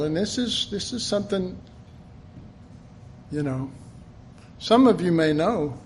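A man's voice: a little high, slight background noise. A middle-aged man preaching a sermon, earnest and emphatic, often repeating himself.

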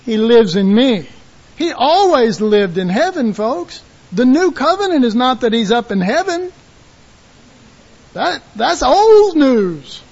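A man preaching a sermon in a folksy, animated way, acting out quotes and shouting call-and-response lines. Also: very high-pitched, unhurried, muffled recording.

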